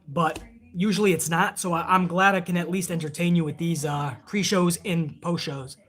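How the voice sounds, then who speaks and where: A man's voice: on the high side, steady tone, moderate pace, a bit bright. A man hosting a live wrestling stream, chatting casually and rambling with plenty of swearing while reading viewer donations aloud.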